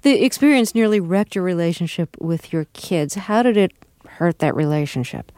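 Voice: mid-range voice, expressive, moderate pace, darkish tone, clear, resonant tone, dry recording. A radio interviewer asking thoughtful, probing questions.

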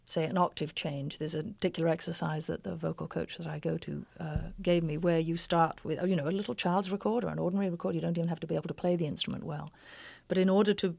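An English stage actress answering interview questions in an articulate, emphatic, opinionated way. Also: female voice, on the low side, fairly even intonation, fast talker, gravelly, hardly any pauses, a little mellow, no echo. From England.

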